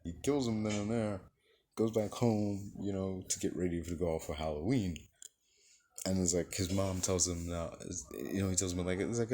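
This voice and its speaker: In a warm, steady, low-pitched voice at normal speed, a man delivers a loose, rambling movie review packed with swearing and the fillers "like" and "you know." There's a little hiss or hum.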